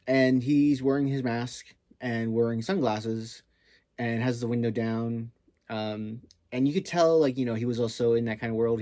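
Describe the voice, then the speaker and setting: A man's voice: mid-range voice, a little mellow, dry recording. A man casually telling a story, rambling with many fillers and some swearing.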